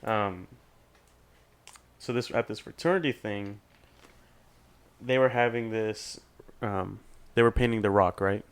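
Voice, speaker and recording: A young man telling a long, animated story in casual podcast chat, swearing freely and acting out other people's voices. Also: fairly low pitch, a little slow, long pauses, smooth. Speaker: podcast guest.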